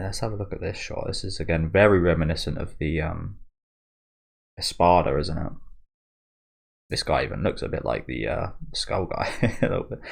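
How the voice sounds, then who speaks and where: Male reactor, deep voice with gravelly fry, chatty and meandering. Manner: rambling and chatty, often losing his train of thought. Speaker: anime trailer reactor. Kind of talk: casual reaction commentary.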